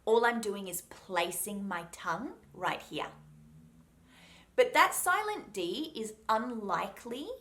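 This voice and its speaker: Slow-talking Australian woman accent coach. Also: medium pitch, lively intonation, a bit bright. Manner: slow, deliberate, repeats sounds to demonstrate. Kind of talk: pronunciation lesson.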